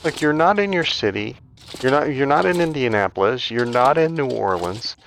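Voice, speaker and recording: A man's voice: mid-range voice, lively intonation, moderate pace, creaky, a bit bright, a little hiss or hum. A man hosting a gaming video, telling a rambling, chatty story while he plays, full of "like" fillers. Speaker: gaming channel host. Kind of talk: casual storytelling over gameplay.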